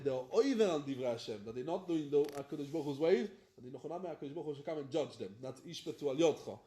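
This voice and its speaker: A rabbi teaching Talmud, chanting the text and then explaining it in plain talk. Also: male voice, sits high, mellow, echoey room. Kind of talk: Talmud lesson, reading and explaining.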